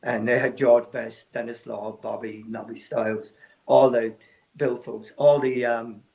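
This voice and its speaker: A man's voice: mid-range voice, flat delivery, unhurried, vocal fry, a little mellow, low-quality recording. A man on a sports talk panel, telling old match anecdotes and quoting people in casual chat. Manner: anecdotal storyteller, quotes people.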